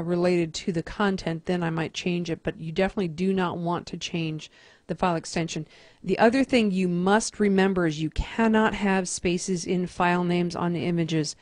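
A woman teacher calmly talking through a computer task step by step in a screen-recorded tutorial. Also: fairly low pitch, no echo. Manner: methodical, step-by-step instruction.

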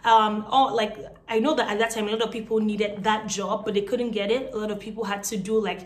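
A woman's voice: mid-range voice, fairly even intonation, a little fast. A young woman from Nigeria with a Nigerian accent, casually telling her own story to the camera in a chatty way, with many fillers. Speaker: vlogger.

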